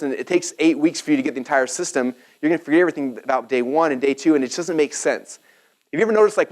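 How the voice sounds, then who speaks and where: Man, thirties, seminar presenter, rapid, casual, filler-heavy, live audience. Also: medium pitch. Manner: rapid, casual, full of "like" and restarts.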